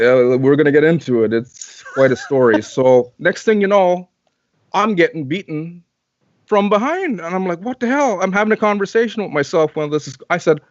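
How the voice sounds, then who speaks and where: A man's voice: a little high, no echo, lo-fi sound. A man from Canada, a guest in an interview, tells a long personal story in casual talk, repeating and restarting phrases as he goes.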